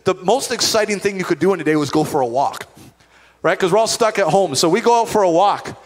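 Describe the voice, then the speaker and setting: A middle-aged man preaching as a pastor, conversational and animated, telling stories with asides to the congregation. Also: high voice, fairly quick. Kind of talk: sermon. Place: church hall. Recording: long reverb of a church hall.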